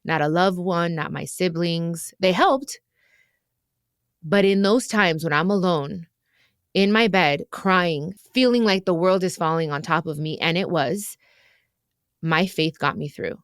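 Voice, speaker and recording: Earnest woman podcast host, low voice. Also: a little slow, clear, resonant tone, dry recording, clean studio sound. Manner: warm, earnest, emotional. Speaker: podcast host giving advice. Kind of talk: heartfelt advice chat.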